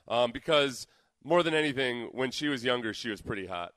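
A man's voice: mid-range voice, expressive, a little fast, fairly bright tone, no room sound. A man co-hosting a radio talk show, giving wry, opinionated takes in casual banter. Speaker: radio co-host.

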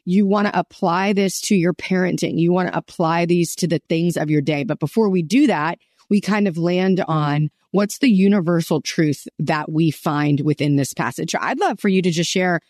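A woman's voice: on the low side, normal speed, few pauses, a little mellow, no echo. Affirming woman podcast host, dry sound. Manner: enthusiastic, affirming, teacherly. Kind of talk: conversational faith interview.

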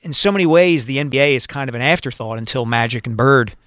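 A man co-hosting a sports talk radio show, explaining basketball history in a measured, chatty way. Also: medium pitch, fairly bright tone, dry recording, studio quality.

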